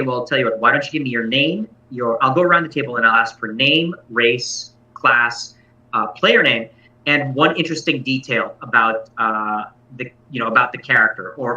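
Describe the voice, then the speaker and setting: A man's voice: mid-range voice, pushed and bright. A man who runs tabletop games, giving a casual, thoughtful talk and explaining his methods at a convention. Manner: thoughtful, explanatory, self-correcting. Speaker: game master giving a talk. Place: convention room. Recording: echoey, distant, dull sound.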